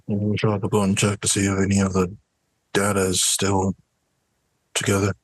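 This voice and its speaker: A man's voice: sits low, completely flat delivery, moderate pace, no echo, poor audio. A man playing a tabletop role-playing game, stating his character's plans in a matter-of-fact way. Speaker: player. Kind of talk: casual tabletop play.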